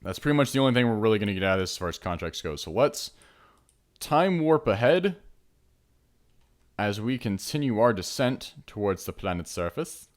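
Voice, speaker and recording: A young man casually commenting on his own gameplay, chatty, trailing into mumbles and then breaking into excited shouts. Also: lowish voice, normal speed. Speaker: let's play host. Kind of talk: game commentary.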